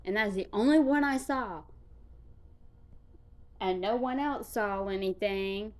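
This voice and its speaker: A woman's voice: mid-range voice, takes it slowly. A woman vlogger chatting casually to her viewers in a rambling way, full of "like". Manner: chatty, rambling, with frequent fillers like "like". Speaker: reaction vlogger.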